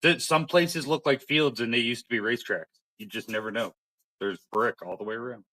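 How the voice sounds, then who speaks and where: Bright-voiced Canadian man rambling. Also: mid-range voice, brisk, poor audio. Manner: rambling storyteller, swears casually. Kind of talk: casual chat.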